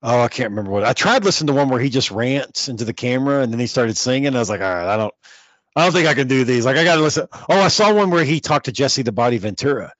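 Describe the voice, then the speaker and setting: A man's voice: mid-range voice, quick pace, no room sound. A man chatting casually and swearing a lot as he retells stories with quoted voices. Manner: profane, animated storytelling with quoted voices. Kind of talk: casual chat. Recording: muffled dry sound.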